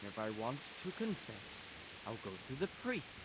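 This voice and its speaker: A man's voice: medium pitch, big pitch swings, moderate pace, natural voice. A man voicing a surly gravedigger, hissy game audio. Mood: hostile. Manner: blunt, hostile, threatening.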